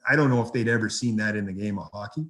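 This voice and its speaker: A man, a hockey coach, telling lively anecdotes as a podcast guest and swearing freely. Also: fairly low pitch, very fast. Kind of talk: casual storytelling.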